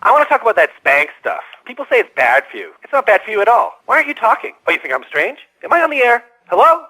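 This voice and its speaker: A paranoid shouting conspiracy caller. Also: male voice, extremely high pitch, very animated, fast talker, heavily acted, rough recording. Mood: ranting. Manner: accusing, shouty, rambling. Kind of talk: radio call-in comedy acting.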